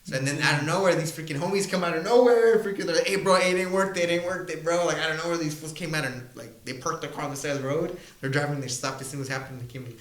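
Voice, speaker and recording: A man's voice: fairly high pitch, very fast, few pauses, roomy sound, poor audio. A young man, a mixed martial arts fighter, telling a profane street-fight story on a casual podcast. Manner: animated, profane, laughing storyteller. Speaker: MMA fighter guest.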